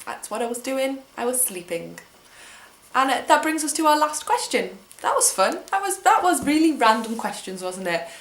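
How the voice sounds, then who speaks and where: A woman's voice: high-pitched, fairly bright tone, reverberant. A woman in her twenties with an English accent, chatting wryly and mocking herself as she answers questions at home. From England. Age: 20s. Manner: chatty, wry and self-mocking. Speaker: vlogger. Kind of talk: casual tag video chat.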